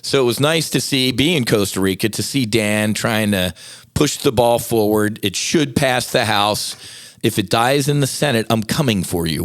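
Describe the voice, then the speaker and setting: Passionate middle-aged man, low voice. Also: moderate pace, a bit bright, dry recording, studio quality. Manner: candid, passionate, rants with rising emphasis. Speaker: podcast host. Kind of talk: casual solo podcast talk.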